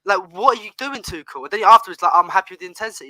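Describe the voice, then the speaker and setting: Heated man ranting, bright and dry. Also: high voice, lively intonation, rapid-fire, no room sound, poor audio. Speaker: panel guest. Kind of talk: casual heated fan rant.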